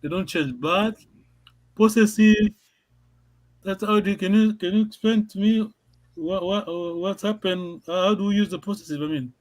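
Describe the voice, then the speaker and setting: Man, high voice, language teacher, halting and repetitive, video call. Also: poor audio. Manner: patient, halting, repeats words and laughs often. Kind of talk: online language class.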